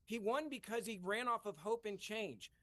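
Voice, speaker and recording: A man's voice: high voice, expressive, normal speed, bright, forceful tone. A man speaking as a political commentator guest in a televised debate, exasperated and argumentative.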